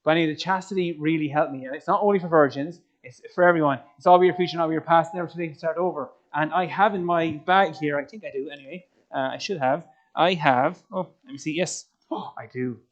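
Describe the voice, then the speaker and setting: An Irish man giving a lively, joking faith talk to young people, quizzing the audience as he goes. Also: fairly high pitch, quick pace, hardly any pauses, lo-fi sound. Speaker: youth speaker.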